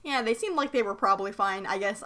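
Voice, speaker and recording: Bright, bubbly woman co-hosting a podcast. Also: mid-range voice. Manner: animated, joking, quick to laugh. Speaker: podcast co-host. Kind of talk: casual episode recap chat.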